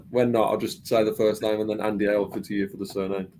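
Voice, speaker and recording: A man commentating live on darts, chatty and quick to laugh at himself. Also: lowish voice, huge pitch swings, a little hiss or hum, poor audio. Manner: chatty, laughs easily, joking.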